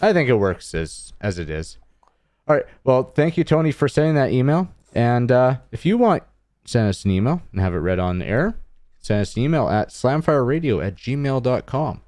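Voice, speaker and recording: A man's voice: medium pitch, big pitch swings, moderate pace, darkish tone, dry recording, studio quality. A man hosting a casual podcast, steering the talk and reading listener comments aloud. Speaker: podcast host. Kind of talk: casual chat.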